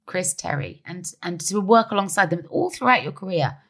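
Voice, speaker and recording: A woman interviewer in a relaxed conversation, reflecting admiringly and thinking aloud. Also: lowish voice, normal speed.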